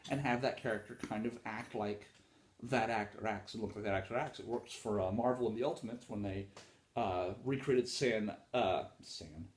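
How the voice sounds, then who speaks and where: A man talks through writing advice in a loose, rambling way, with lots of fillers and the odd curse. His voice sits at a middle pitch. The room around him is roomy and echoey. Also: darkish tone. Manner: rambling and informal, with frequent fillers and some swearing. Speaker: podcast host talking about writing. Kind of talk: casual solo talk on writing craft.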